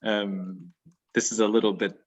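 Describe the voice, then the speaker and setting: A man's voice: on the low side, steady tone, a little slow, slightly rough, poor audio. Thoughtful man discussing poetry, many ums. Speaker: poetry and birdsong lecturer.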